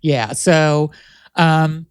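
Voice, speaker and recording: A man's voice: a little high, very slow, smooth, no room sound. A man hosting a podcast, interviewing a guest in an enthusiastic, affirming way with trailing questions. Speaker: podcast host. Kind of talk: casual interview.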